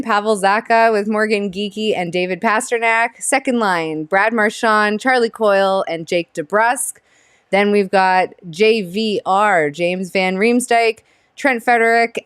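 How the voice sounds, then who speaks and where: A woman co-hosts a hockey stream and reads the lineups in casual chat, laughing at herself as she trips over names. Her voice is smooth and clear and very dry, with no room sound, and she speaks slowly. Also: medium pitch, no echo. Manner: giggly, self-deprecating, stumbles over names. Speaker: co-host of a live hockey stream.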